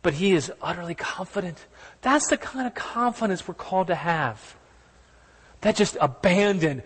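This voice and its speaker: A man's voice: high voice, lively intonation, normal speed, slightly rough, big-room sound. A man preaching a sermon in an earnest, conversational way, asking his listeners questions as he goes. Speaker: pastor.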